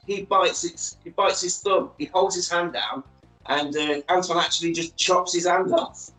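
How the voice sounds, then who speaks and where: A man's voice: high-pitched, normal speed, bright, forceful tone, reverberant, soft background music, rough recording. A man, casually recapping a film's plot and acting out the characters' lines as a podcast co-host.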